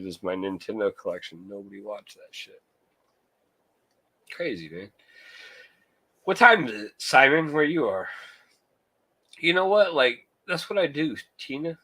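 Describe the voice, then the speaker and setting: A man's voice: fairly low pitch, fairly bright tone, dry recording. Joking, swearing man chatting with his livestream chat. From California. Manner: loose, joking, swears freely, talks to chat by name. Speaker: livestream host, collector. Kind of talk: casual late-night livestream chat.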